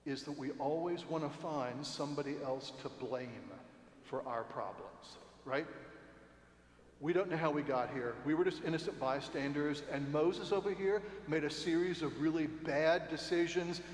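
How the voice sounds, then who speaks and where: A man's voice: fairly high pitch, slight background noise. A man teaching an adult Sunday school Bible class, talking conversationally and checking in with 'right?' and 'okay?'. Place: cathedral meeting space. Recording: echoey hall with long reverb.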